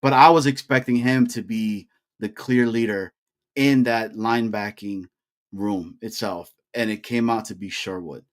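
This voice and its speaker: A young man co-hosting a sports podcast, talking casually and getting worked up with loud, rising hype. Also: fairly low pitch, a little slow. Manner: animated, hypes with rising shouts. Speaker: podcast co-host.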